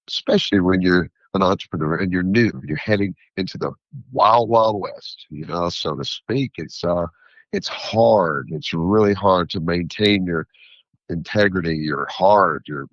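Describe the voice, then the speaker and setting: A man who is a food entrepreneur, a guest on an interview show, talking in a rambling, philosophical and animated way. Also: sits low, dry recording, muffled recording. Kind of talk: interview conversation.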